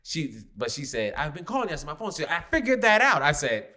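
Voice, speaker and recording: A man co-hosting a podcast, telling a story in casual chat, laughing and loudly acting out the people he quotes. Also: a little high, very animated, fast talker. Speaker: podcast co-host.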